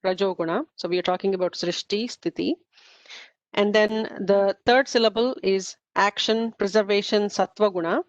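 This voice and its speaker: A woman's voice: medium pitch, no echo. A woman teaching a study group in an informal lecture, explaining step by step with frequent fillers and self-corrections. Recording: slightly muffled, dull recording.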